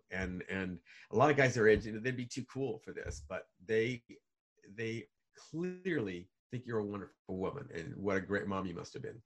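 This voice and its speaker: A man telling stories as a guest in a video call interview, lively, with many restarts and fillers. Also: lowish voice, moderate pace. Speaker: guest, author and speaker.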